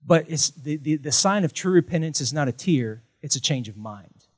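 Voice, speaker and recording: Preaching with animation, this middle-aged male pastor leads chants and call-and-response with his congregation. His pitch is fairly high, his pace moderate, and there's a breathy edge to his voice.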